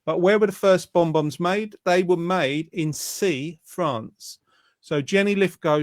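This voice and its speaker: A man's voice: high-pitched, takes it slowly, no room sound, studio quality. A man in his fifties hosting an online quiz in casual chat, joking and rambling with silly asides. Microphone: online video call.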